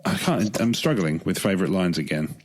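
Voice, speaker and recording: A man's voice: deep voice, lively intonation, brisk, background noise. A man co-hosting a podcast, chatting casually and rambling with frequent restarts. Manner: rambling, hesitant, restarts often. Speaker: podcast co-host.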